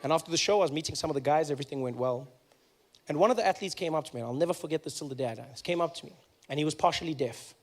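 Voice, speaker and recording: A man from South Africa performing a stand-up routine, telling animated stories and acting out the voices of people in them. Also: on the high side, very fast, in a large hall. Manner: animated storytelling, acts out voices. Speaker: stand-up comedian.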